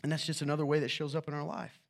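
A man preaching a sermon to his church in a conversational, joking way, asking rhetorical questions and swinging from quiet asides to loud, excited bursts. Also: a little high, racing, gravelly. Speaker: pastor.

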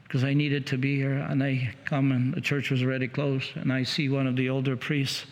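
A man preaching, retelling another man's conversion story in a halting, repetitive way, with many restarts. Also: medium pitch, little pitch movement. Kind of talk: sermon storytelling. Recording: long hall reverb.

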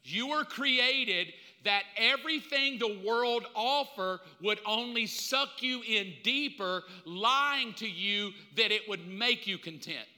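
A man preaching a sermon in an animated way, swinging between loud and hushed delivery. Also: sits high, slow, hardly any pauses. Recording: long hall reverb.

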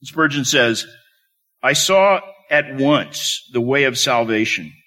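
A man's voice: mid-range voice, expressive, slow pace, bright, forceful tone. A man preaching a sermon, telling a story with emphatic delivery.

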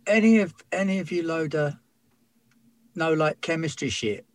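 A man's voice: fairly high pitch, normal speed, dry recording. A man playing a tabletop character in a put-on accent, blunt, dismissive and swearing. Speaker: tabletop role-player. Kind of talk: in-character tabletop role-play.

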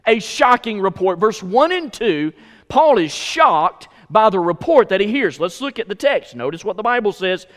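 A man's voice: sits high, very animated, normal speed, fairly bright tone. A middle-aged man preaching a sermon as pastor, emphatic and repeating phrases for stress in a church. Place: church sanctuary. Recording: hall reverb.

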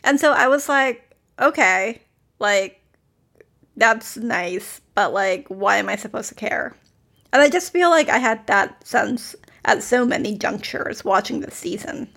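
A woman's voice: fairly high pitch, expressive, vocal fry, fairly bright tone. A woman co-hosting a podcast, chatting casually about a TV series and filling her talk with "like". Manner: chatty, many "like" fillers, quick laughs. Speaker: podcast co-host. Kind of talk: casual critical chat.

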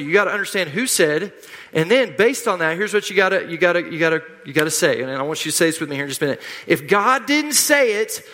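Man, pastor, sermon, forceful tone, emphatic repetition, reverberant church hall. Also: a little high. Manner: emphatic, repetitive, leads call-and-response.

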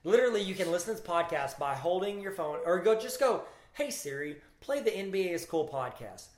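A man's voice: sits high, sing-song, fairly quick, roomy sound. A man co-hosting a casual sports podcast, joking and rambling, now and then slipping into silly put-on voices. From New Jersey. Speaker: podcast co-host.

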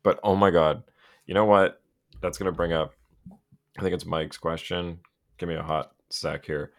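A man hosting a casual hockey podcast, telling game stories and acting out players' reactions. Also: normal speed. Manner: animated storyteller, acts out players' reactions in high voices. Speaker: podcast host.

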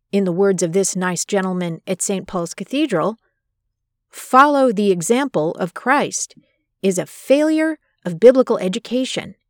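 A woman hosting a podcast, reading a scripted narration and commentary in a measured, emphatic way. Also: medium pitch, darkish tone, dry recording, studio quality. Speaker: podcast host. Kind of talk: scripted narration of a personal story and biblical commentary.

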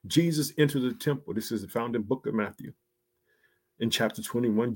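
A man preaching a sermon with fervent emphasis, calling out to his listeners and swinging from loud exclamations to hushed near-whispers. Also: medium pitch, moderate pace. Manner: fervent, emphatic, repetitive call-outs to listeners.

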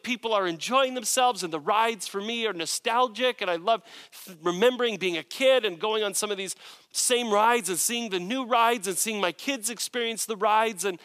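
A man preaching a sermon in an earnest, conversational tone. His voice sits a little higher than most men's, and he restarts phrases as he searches for words. The sound is dry and close, with no room echo. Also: sharp tone. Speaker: pastor.

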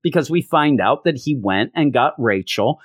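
A man's voice: mid-range voice, expressive, moderate pace, husky, no echo, studio quality. A man casually recapping a comic issue with sarcastic, rambling commentary and frequent stammered restarts. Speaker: comic book podcast host.

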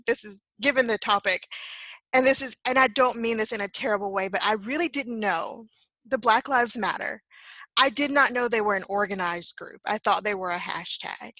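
A woman guest telling stories in a casual chat, animated and self-deprecating, laughing often as she acts out what people said. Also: mid-range voice, moderate pace, dry recording, rough recording. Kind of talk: casual storytelling in conversation.

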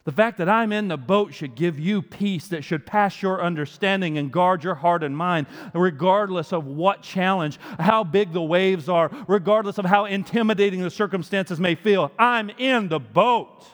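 A male preacher with a high voice delivers an animated sermon full of rhetorical questions. His voice rings out with a long hall reverb. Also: normal speed, hardly any pauses. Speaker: pastor.

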